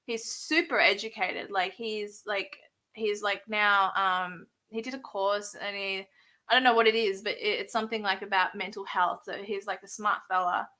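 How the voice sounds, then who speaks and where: A woman hosting a livestream who chats casually and rambles, with plenty of fillers. Her voice is bright and forward. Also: mid-range voice, fairly even intonation, moderate pace. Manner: chatty, rambling, many fillers. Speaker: host.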